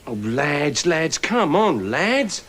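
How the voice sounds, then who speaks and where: Imagine a cheeky, streetwise petty thief in a TV sitcom. His voice sits at a medium pitch but moves around a lot, and he drops dry one-liners. There is a faint hum of room sound behind him. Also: sing-song, a bit bright, full character voice. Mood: wry. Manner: wry, cheeky, quick with a comeback. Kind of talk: 1980s sitcom acting.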